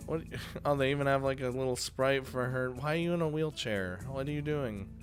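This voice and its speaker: A man reading a visual novel aloud with excitable, swearing commentary, often breaking off mid-sentence. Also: medium pitch, moderate pace, faint music behind. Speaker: video game let's player.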